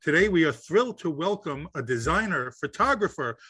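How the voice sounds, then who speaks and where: A man's voice: fairly high pitch, animated, brisk, sharp tone, husky. A man from New York co-hosting an interview podcast, friendly and laughing often. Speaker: co-host. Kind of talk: casual interview.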